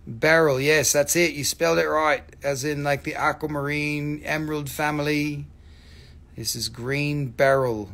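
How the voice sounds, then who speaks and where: Slow, gravelly man selling stones live. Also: fairly high pitch. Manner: excitable, repeats prices and words, swears casually. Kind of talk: live sales stream, showing stones and reading chat.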